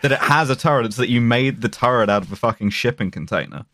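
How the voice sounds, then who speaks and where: A man's voice: mid-range voice, fast, fairly bright tone, dry recording. A man presenting a topic on a podcast in a casual, wry, informative way.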